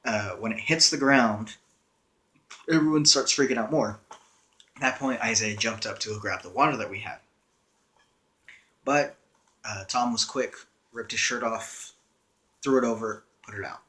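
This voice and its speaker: A man's voice: on the low side, measured pace, pauses often, sharp tone. A young man casually telling a story in a wry, conversational way, with frequent "uh" fillers. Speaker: storyteller vlogger.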